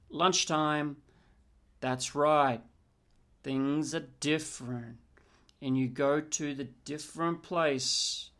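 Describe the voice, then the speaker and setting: An NLP trainer talks through a lesson on future pacing and leads sections of guided imagery. The delivery is animated, with short acted-out client lines, and it slows down and drops to a soft level for the calm imagery parts. The pitch sits in a middle range. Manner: animated, acts out client voices, hushed guided-imagery passages. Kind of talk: teaching with guided demonstration.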